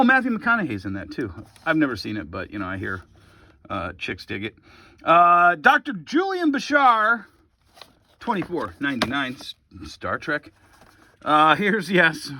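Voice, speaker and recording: High, lively-voiced man rattling off prices. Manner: rambling, reads off prices with offhand jokes. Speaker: comic shop owner. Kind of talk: casual store walkthrough video.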